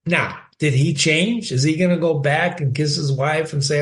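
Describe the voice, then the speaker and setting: A man's voice: on the high side, expressive, normal speed, hardly any pauses. A man giving a casual spoken analysis of a short story, teaching by asking rhetorical questions. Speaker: literature teacher.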